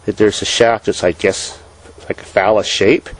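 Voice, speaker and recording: A man's voice: fairly low pitch, fairly even intonation, moderate pace, husky, dry recording, low-quality recording. A man who runs a farm vlog, telling a long story about a dispute in his own casual way, explaining his side outdoors. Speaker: farm vlogger.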